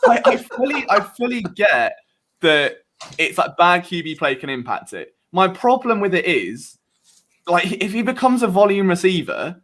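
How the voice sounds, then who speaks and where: A British man guesting on a casual podcast, rambling and animated. His voice sits high, and his pitch leaps about as he talks himself through his opinions. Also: moderate pace. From Britain. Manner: animated, rambling, self-questioning.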